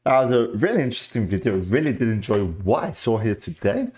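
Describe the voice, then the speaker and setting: A man's voice: mid-range voice, very animated, brisk, darkish tone. A British man hosting a reaction video, chatting casually and agreeably about what he watches. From Britain. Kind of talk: casual commentary over a video.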